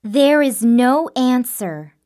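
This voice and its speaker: Slow expressive woman narrator. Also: high voice. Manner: slow, clear, expressive reading. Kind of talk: scripted storybook narration.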